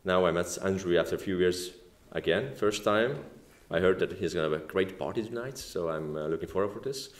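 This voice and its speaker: A man from Estonia with an Estonian accent and non-native English, giving a speech at a formal dinner with many halting "like"s and "uh"s. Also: sits low. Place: banquet room at a formal dinner. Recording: echoey dining hall.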